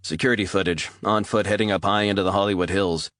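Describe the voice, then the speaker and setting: A man's voice: low-pitched, fairly even intonation, fast talker, fairly bright tone, no room sound, clean studio sound, voice pushed up. A man playing a grim, weary FBI man. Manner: grim, matter-of-fact. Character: weary male FBI colleague.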